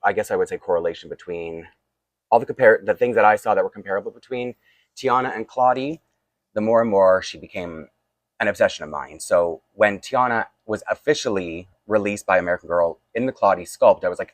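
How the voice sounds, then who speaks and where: Groggy man with a low voice. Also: fairly quick, no room sound. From Canada. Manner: chatty and rambling, with frequent laughs and asides. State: tired and groggy. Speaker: toy collector vlogger. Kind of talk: casual unboxing vlog.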